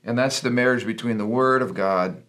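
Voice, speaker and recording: A man's voice: mid-range voice, brisk, fairly bright tone. A middle-aged man, a pastor and podcast co-host, talking in an earnest, preachy storytelling way. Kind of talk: casual Christian podcast talk.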